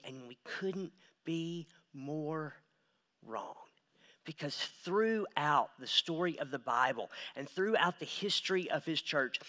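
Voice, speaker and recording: A man in his thirties preaching a sermon from a church stage, dropping to hushed asides and then building to loud, emphatic runs. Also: high voice. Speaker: pastor.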